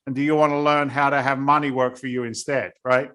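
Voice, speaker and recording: A man's voice: mid-range voice, little pitch movement, a little fast, a bit bright, clear, resonant tone. A man, a guest in a casual interview, telling his story bluntly and with animation. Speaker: guest, real estate investor.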